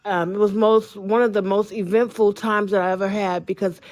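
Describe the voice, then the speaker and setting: A woman's voice: medium pitch, flat delivery, normal speed, a little mellow. Chatty American woman teacher. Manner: chatty, acts out quotes with a raised voice. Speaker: school teacher. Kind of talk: casual podcast chat.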